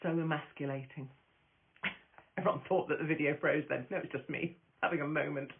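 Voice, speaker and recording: A stand-up comic hosts a casual live stream from her phone, brash and profane, drifting from one story to the next and laughing a lot. Her voice is low, fairly even in intonation, and a little fast, with tinny phone-camera audio.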